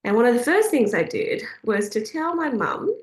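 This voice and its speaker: A woman's voice: on the high side, big pitch swings, normal speed. A woman leading a faith group meeting, telling a personal story casually with many fillers and frequent laughs. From Australia. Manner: chatty, hesitant with frequent fillers, laughs often. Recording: roomy echoey sound.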